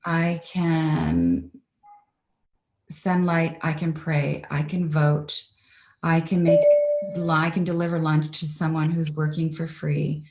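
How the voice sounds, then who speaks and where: A woman's voice: deep voice, takes it slowly, a little mellow, echoey room, faint music behind. A Canadian woman speaking earnestly and reflectively as an interview guest over a video call.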